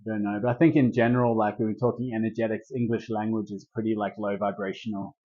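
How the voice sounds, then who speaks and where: A man with a low, husky voice gives a loose, rambling herbal workshop talk, full of fillers. The sound is dull and muffled. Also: little pitch movement, fast, warm tone. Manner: laid-back, rambling, lots of "like". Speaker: herbalist leading a group talk.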